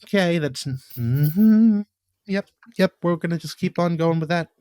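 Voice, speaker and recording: A man co-hosting a podcast in casual chat, given to animated, exasperated rants. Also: a little high, a little slow, smooth, no echo, clean studio sound. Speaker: podcast co-host.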